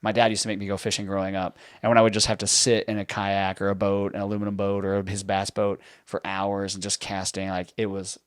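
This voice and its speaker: Man, thirties, low voice, podcast host, chatty storyteller, close dry mic. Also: monotone, a little fast, few pauses, clean tone, no echo. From Texas, near Houston. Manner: chatty, storytelling, laughs easily. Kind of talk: casual conversation.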